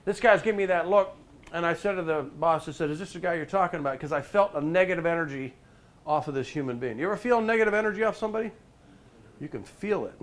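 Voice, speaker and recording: A middle-aged man spinning a workplace story for a live crowd, his voice pitched slightly high. He jumps between big, loud moments and low, confiding asides, and keeps pulling listeners in with questions by name. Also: fast. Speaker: professional motivational speaker. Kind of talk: storytelling talk to a live group.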